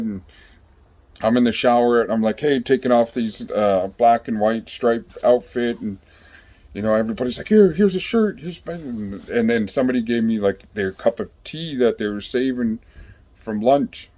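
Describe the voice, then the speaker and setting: A man's voice: medium pitch, darkish tone. Rambling, profane man telling a story. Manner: rambling, profane, with many fillers. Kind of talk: casual storytelling.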